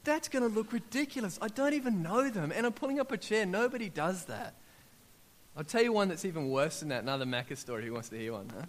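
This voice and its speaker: Aussie preacher guy, middle-aged, slightly high voice, tells stories and gets loud and excited. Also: quick pace, a little hiss or hum. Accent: Australian. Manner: storytelling, acts out quotes, builds to loud excited peaks. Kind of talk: sermon with personal testimonies.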